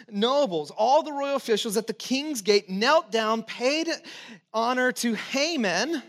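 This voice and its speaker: A man preaching a sermon in a conversational, emphatic way, with restarts and asides, sometimes dropping to soft encouragement. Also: high-pitched. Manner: drops to soft, intimate encouragement. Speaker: pastor.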